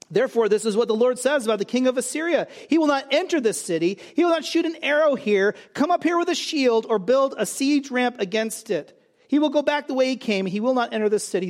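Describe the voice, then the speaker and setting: A man preaching a sermon, emphatic, asking and answering his own rhetorical questions. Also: extremely high pitch. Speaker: pastor.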